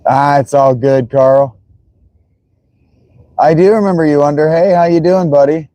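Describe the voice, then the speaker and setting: A man's voice: on the high side, unhurried, warm tone, no room sound. A man streaming live as he watches football, chatting casually and greeting viewers by name.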